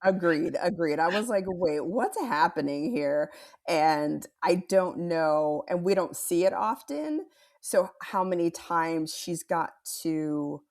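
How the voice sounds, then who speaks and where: A woman podcast co-host chatting casually, with measured, thoughtful reactions. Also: on the low side, darkish tone. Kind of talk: casual chat.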